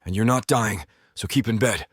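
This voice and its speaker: A man's voice: on the low side, moderate pace, breathy edge, dry recording, studio quality. A man reading the lines of a smirking young friend who teases in an audiobook. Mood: teasing. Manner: wry, teasing.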